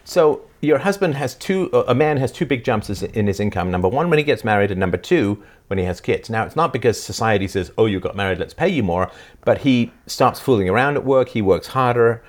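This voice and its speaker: A man's voice: mid-range voice, expressive, a little fast. A man hosting a casual chat with his daughter, joking and teasing, then rambling into lecturing asides. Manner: joking, teasing, often laughing. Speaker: host, father talking with his daughter. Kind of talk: casual chat, reading out comments.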